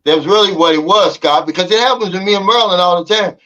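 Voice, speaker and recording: Male panel host, high-ish voice, chatty and loose, dull lo-fi recording. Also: fast, pushed and bright. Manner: laughs easily, colloquial, asks panelists by name. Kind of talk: casual panel chat.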